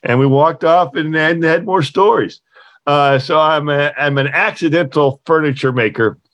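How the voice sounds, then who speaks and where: A middle-aged man, a furniture company owner and podcast guest, telling an anecdote in a halting way, full of fillers and restarts. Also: fairly bright tone, dry recording. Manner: halting, many fillers and restarts, acts out quoted voices in a higher pitch. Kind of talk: anecdotal storytelling in an interview.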